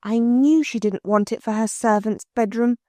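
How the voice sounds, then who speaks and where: A woman's voice: on the high side, moderate pace, dark tone, no echo, natural voice. Woman doing Jane, blunt cheeky little girl. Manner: blunt, muttering.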